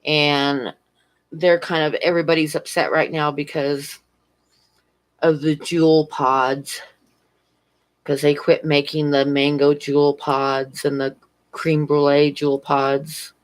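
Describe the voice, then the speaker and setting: Here a low-voiced woman with little pitch movement talks slowly over a low-quality recording. She works at a convenience store and is chatting on a home live stream near a fish tank, telling meandering stories and laughing frequently.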